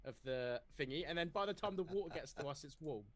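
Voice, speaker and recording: A man's voice: fairly high pitch, animated, fast talker, a bit bright. A man playing a tabletop game in character, brash, demanding and joking. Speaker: player.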